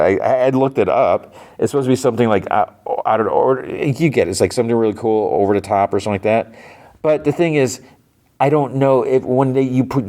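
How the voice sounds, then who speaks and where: A middle-aged man hosting a podcast, retelling an episode in a rambling, animated way with lots of fillers and restarts. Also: mid-range voice. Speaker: podcast host. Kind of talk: casual episode recap.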